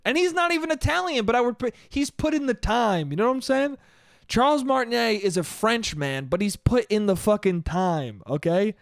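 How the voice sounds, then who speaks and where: Lively high-voiced man ranting casually. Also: normal speed, no room sound, clean studio sound. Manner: rambling, profane, keeps saying "dude". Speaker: podcast host. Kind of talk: casual solo podcast monologue. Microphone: studio podcast mic.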